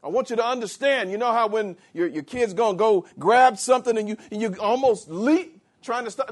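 A man preaching a sermon. He reads scripture slowly, explains it in plain words, and rises to emphatic shouts. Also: high-pitched, lively intonation.

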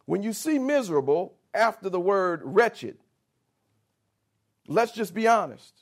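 Male preacher, unhurried and insistent, speaks straight to the congregation. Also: sits high, very animated. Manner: spells out Greek words slowly and earnestly; addresses listeners directly and insistently. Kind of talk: sermon.

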